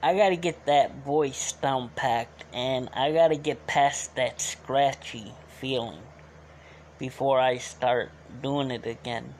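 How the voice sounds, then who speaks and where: A man's voice: mid-range voice, steady tone, slow pace, darkish tone, slight background noise. A man streaming live, chatting casually with viewers and asking them to rate his voice, his throat sore from the bit. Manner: loose and chatty, asks viewers to rate him.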